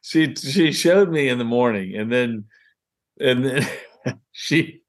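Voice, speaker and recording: A man's voice: mid-range voice, slow pace. A man from Virginia hosting a podcast, joking and laughing through casual banter. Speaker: podcast host. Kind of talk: casual chat.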